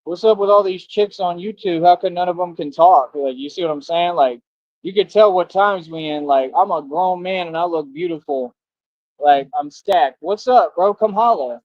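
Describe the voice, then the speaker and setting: A man's voice: high voice, moderate pace, no room sound, highs cut off. A man ranting on a live stream, taunting his critics in a combative way and asking rhetorical questions.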